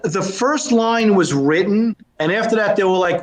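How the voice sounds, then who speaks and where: A man's voice: high-pitched, moderate pace, reverberant. A man, a comedian guest, chatting on a podcast and acting out lines as he tells a story. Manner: animated storyteller, acts out lines. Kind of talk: casual podcast chat.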